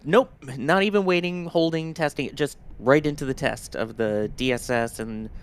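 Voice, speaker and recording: A man co-hosting a livestream, telling what happened in an animated, casual way. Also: on the high side, normal speed, clear, resonant tone. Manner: animated storyteller. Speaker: co-host.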